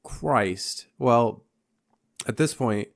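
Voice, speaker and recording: A man's voice: medium pitch, drawn-out words, gravelly, no room sound. Male podcast co-host, casual profane film recap, dry close sound. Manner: profane, animated recounting with lots of "like". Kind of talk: casual movie recap chat.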